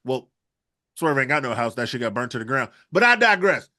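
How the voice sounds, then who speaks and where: A man's voice: mid-range voice, very animated, a little fast, bright, forceful tone. A man co-hosting a wrestling podcast, ranting in a profane, rambling comic riff. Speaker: podcast co-host. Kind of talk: comedic rant.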